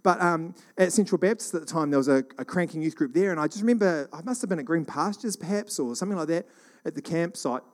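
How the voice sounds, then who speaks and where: A middle-aged man from New Zealand telling rambling church stories in a casual, animated monologue. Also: on the high side. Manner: rambling, animated, acts out quoted voices.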